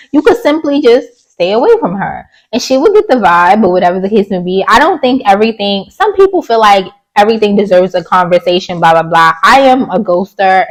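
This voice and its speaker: A woman's voice: medium pitch, expressive, a little fast, hardly any pauses, poor audio. A woman giving a casual, opinionated recap of a reality show, chatty and blunt, with sassy asides and mocking quoted voices. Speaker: YouTube reality-TV reviewer.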